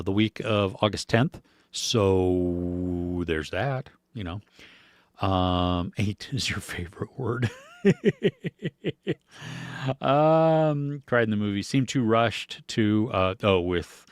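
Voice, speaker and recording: Slow, laid-back American man chatting. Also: on the low side, dry recording, clean studio sound. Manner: relaxed, rambling, with many fillers and small laughs. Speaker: podcast host reading viewer comments. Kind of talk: casual chat.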